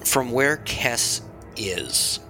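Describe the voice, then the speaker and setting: A man's voice: medium pitch, expressive, drawn-out words, vocal fry, music in the background. A man playing a tabletop game, asking practical questions. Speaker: tabletop player. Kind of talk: casual chat.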